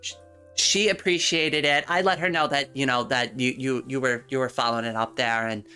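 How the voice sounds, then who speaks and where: A woman's voice: rumbling low, fairly even intonation, moderate pace, pushed and bright, smooth, soft background music. A woman livestreamer in casual chat, talking straight to her viewers, giggling often and repeating words as she thinks.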